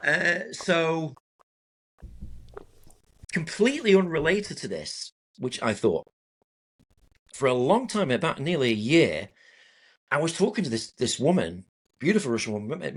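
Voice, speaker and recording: Male guest, animated storyteller, swears freely, self-mocking, medium pitch. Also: normal speed, pauses often, husky. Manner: vivid, swearing, self-deprecating.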